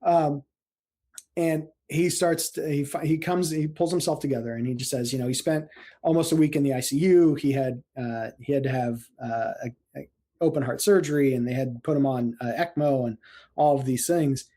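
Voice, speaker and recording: Mellow-voiced man telling stories. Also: medium pitch, moderate pace. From central Illinois, US. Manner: animated, laughs often, acts out quotes. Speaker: guest, paramedic and screenwriter. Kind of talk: casual storytelling interview.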